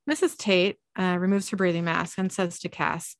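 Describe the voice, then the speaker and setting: A woman podcast host narrating a TV episode scene by scene, reading in a relaxed way with filler ums and uhs. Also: lowish voice, normal speed, no room sound, clean studio sound. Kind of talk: reading a scene-by-scene recap with chat.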